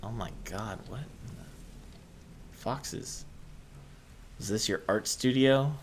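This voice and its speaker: A man hosting a gaming channel, giving quiet, soft-spoken let's-play commentary and musing aloud as he explores. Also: on the low side, slow, a little hiss or hum.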